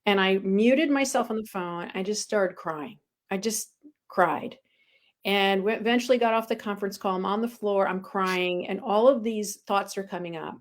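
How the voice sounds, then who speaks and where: A woman's voice: mid-range voice, normal speed. A woman guest, a spiritual coach, telling her own story frankly and with self-deprecating humor, with frequent ums. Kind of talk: candid personal storytelling.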